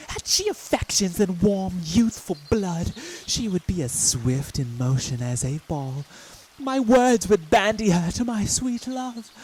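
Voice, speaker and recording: A woman's voice: medium pitch, sing-song, unhurried, hardly any pauses, a little mellow, a little hiss or hum. A young woman playing an impatient young girl in love, pleading and half-singing her verse over a hip hop beat. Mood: longing. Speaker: actor in a stage play. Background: hip hop music.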